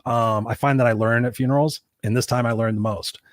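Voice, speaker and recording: Fast-talking emphatic man coach. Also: medium pitch, steady tone, no room sound, studio quality. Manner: emphatic, speaks straight to listeners. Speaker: guest, motivational coach. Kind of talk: storytelling interview talk.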